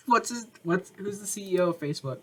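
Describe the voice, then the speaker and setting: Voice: mid-range voice, poor audio. A podcast co-host in casual chat, sarcastic and jokey, often mocking other people's voices.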